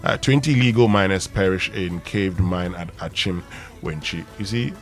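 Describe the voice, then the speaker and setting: A Ghanaian man hosts a morning radio show in the studio. His voice sits low, and his talk is easygoing and full of fillers, with faint music beneath. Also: normal speed. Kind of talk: radio talk and newspaper review.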